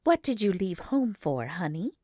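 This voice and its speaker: A woman's voice: medium pitch, sing-song, measured pace, mellow, dry recording, clean studio sound. A woman voicing a kindly motherly woman. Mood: coaxing. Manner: soothing and coaxing.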